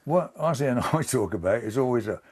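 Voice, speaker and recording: An older man, giving a hesitant, halting interview and often repeating words. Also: medium pitch, expressive, a little mellow, slightly rough. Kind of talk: reflective casual interview.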